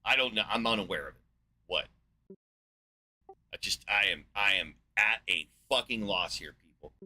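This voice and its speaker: A man in his forties rants in a sarcastic, profane monologue, trailing off into fillers as he hunts for his next point. His voice sits fairly low but has a very bright, cutting edge. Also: expressive, rough recording. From United States. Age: 40s. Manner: rambling with pauses and fillers. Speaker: video host. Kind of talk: ranting monologue.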